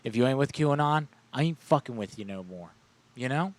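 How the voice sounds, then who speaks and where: Joking, foul-mouthed male host, mid pitch, dry close mic. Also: lively intonation, fairly quick, dry recording. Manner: loose, profane, joking. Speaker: podcast host and prank caller. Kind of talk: casual comedy chat.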